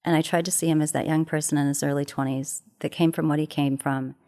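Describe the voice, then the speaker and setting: Earnest woman with a low gravelly voice. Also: steady tone, fast. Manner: gentle, earnest, repeats phrases for emphasis. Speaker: matchmaker and relationship expert. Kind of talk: heartfelt interview storytelling.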